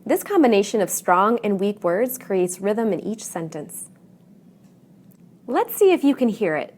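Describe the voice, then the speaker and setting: A woman teaching English pronunciation in a clear, deliberate, scripted lesson narration. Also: medium pitch, sing-song, darkish tone. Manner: clear, deliberate teaching delivery with modeled stress patterns.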